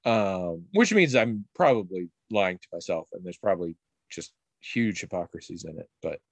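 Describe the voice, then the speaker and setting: A middle-aged man in casual conversation, telling rambling stories with frequent restarts and animated quoted voices. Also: medium pitch, dry recording. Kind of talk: casual chat.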